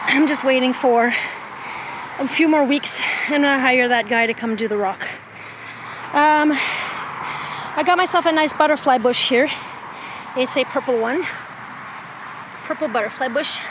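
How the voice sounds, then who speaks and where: A woman's voice: high voice, measured pace, long pauses, background noise. A woman showing off the plants she bought in a casual gardening vlog, chatting outdoors and a little out of breath in the heat. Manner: chatty, thinking aloud about plant names. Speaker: gardening vlogger. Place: outdoors, at a garden center and in her backyard.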